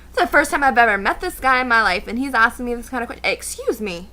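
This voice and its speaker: A woman's voice: on the high side, expressive, quick pace, few pauses, noisy background. A young woman vlogging a casual storytime rant, sarcastic and exasperated as she tells it.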